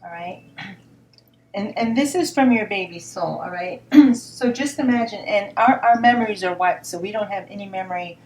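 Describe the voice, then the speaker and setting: A woman giving a spoken tarot reading in a gentle, reassuring tone, often repeating words and asking "all right?". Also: medium pitch, moderate pace. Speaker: tarot reader. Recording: roomy sound from a distance, faint noise.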